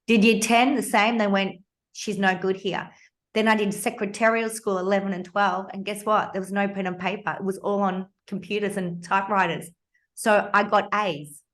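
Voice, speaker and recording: An Australian woman in her fifties hosts a podcast and tells a personal story, speaking in an animated, emphatic and blunt way. Her voice is a little high.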